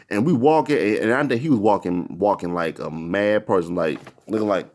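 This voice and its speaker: A man's voice: on the low side, fairly quick. A man telling a personal story in a casual, rambling, repetitive way. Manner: rambling, repetitive, animated retelling.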